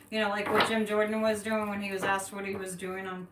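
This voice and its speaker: A woman's voice: mid-range voice, steady tone, brisk, few pauses. A woman from the Boston area with a light Boston accent, reading cards on a live stream and chatting with viewers, laughing often and thinking aloud. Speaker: psychic reading cards on a livestream. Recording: echoey room, distant mic, faint noise.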